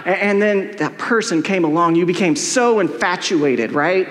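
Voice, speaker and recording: A man's voice: sits high, animated, normal speed, hardly any pauses, fairly bright tone. A middle-aged man preaching a sermon as pastor, casual and joking, with many "like"s. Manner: casual, joking, heavy use of "like". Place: church hall with long reverb. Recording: echoey church hall with long reverb.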